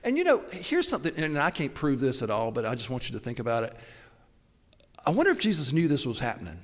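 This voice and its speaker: A man preaching a sermon in a conversational, animated way, telling the story with asides and little laughs. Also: medium pitch, quick pace, long reverb tail.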